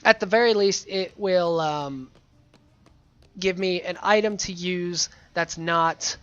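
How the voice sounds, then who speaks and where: Bright-voiced man chatting through gameplay. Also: a little high, lo-fi sound, slight background noise. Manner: chatty, playful, rambling. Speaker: let's play gamer. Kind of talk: casual gameplay commentary.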